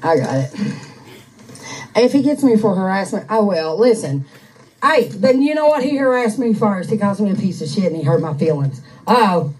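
Woman, casual profane rant, taunting and laughing, mid pitch, slightly off-mic. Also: expressive, moderate pace, a little mellow, far from the mic, rough recording. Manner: mocking, crude, laughs often. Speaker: streamer ranting at an online troll. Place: on a couch at home. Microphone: handheld microphone.

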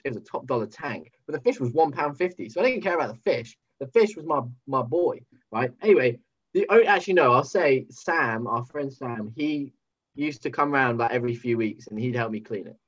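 A British man chatting casually as a podcast guest, joking and animated, over a remote call. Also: medium pitch, a little fast, muffled recording. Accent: British English. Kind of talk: casual chat.

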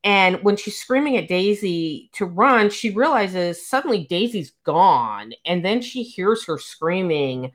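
A woman with a slightly low voice chats casually, recapping a story with animated energy. She slips into the characters' lines as she goes and swears now and then. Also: measured pace, hardly any pauses. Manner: animated retelling, acts out quotes, swears casually. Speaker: podcast co-host. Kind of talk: casual book recap chat.

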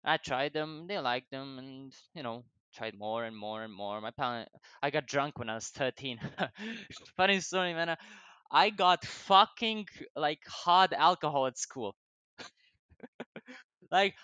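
A man's voice: a little high, pushed and bright, clear, resonant tone, dry recording. A young man with a non-native English accent telling rambling, profane stories about his life, often laughing and digressing. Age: young adult. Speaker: vlogger. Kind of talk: rambling casual storytelling.

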